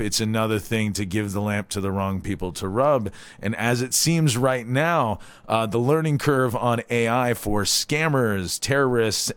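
A man's voice: mid-range voice, dry recording. A man in his forties from Hawaii hosting a live community radio show in a loose, rambling way, tossing in "all right?" asides.

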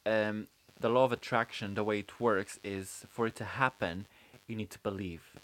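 A man's voice: fairly low pitch, steady tone, normal speed, fairly bright tone. A man co-hosting a casual comedy podcast, rambling and joking, now and then slipping into put-on voices. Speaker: podcast co-host.

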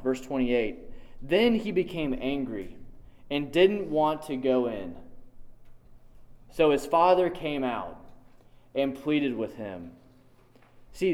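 A male preacher with a slightly high voice delivers a sermon in an emphatic, conversational way. He repeats his key lines for weight and drops casual asides as he walks through a scripture reading. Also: a little mellow. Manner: conversational, dotted with "like".

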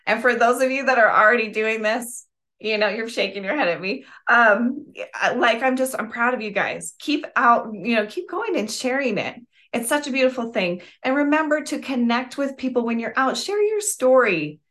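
A woman's voice: on the high side, lively intonation, moderate pace, pushed and bright. A woman giving a casual motivational sales training on a video call, gushing and chatty. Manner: gushing, chatty, full of "oh my gosh". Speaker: network marketing trainer.

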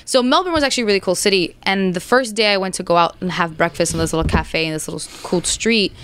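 A woman's voice: on the low side, quick pace, fairly bright tone, smooth. A woman in casual chat, telling a travel story with lots of fillers and laughter.

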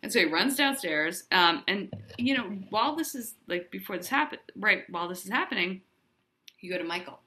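A woman's voice: medium pitch, expressive, fairly quick, sharp tone. A woman in casual chat, animatedly retelling a plot and acting out the characters' lines. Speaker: co-host recapping a musical.

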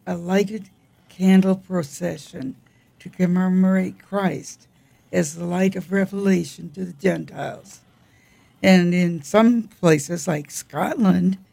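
Slow, gravelly older woman. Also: lowish voice, dark tone. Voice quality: gravelly, frequent throat clearing. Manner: unhurried, wry, halting reading. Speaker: co-host. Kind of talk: casual chat about weekly feast days.

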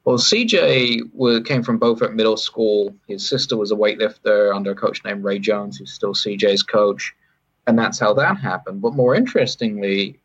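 British guy rambling thru a podcast chat, low-ish voice, dull lo-fi sound. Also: normal speed, slightly rough. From Britain. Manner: rambling, self-correcting, with wry asides. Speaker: sports federation chief executive, podcast guest. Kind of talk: casual interview talk.

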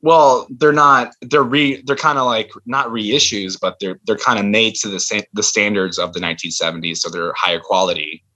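A man's voice: on the low side, fairly even intonation, normal speed, few pauses, bright, forceful tone, rough recording. A man chatting casually on a video call, hesitant and full of restarts, getting worked up and then sheepish. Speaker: podcast co-host. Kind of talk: casual chat.

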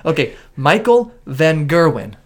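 A man's voice: fairly high pitch, very animated. A man co-hosting a casual sports chat show, running a quiz game and teasing his co-host. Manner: joking, teasing, drawn-out reads of names. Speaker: podcast co-host.

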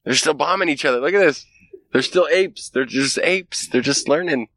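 A man's voice: fairly high pitch, normal speed, a bit bright, no room sound, pitched above the performer's own voice. A man voicing a group of mocking aliens who sneer at humans with profane disbelief.

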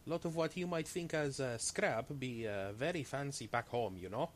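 Guy doing a sly trader voice, broken english, bouncy up and down pitch, keeps repeating stuff. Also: lively intonation, normal speed, a little hiss or hum, close to an everyday voice. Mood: wheedling. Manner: broken grammar, haggling, repeats words.

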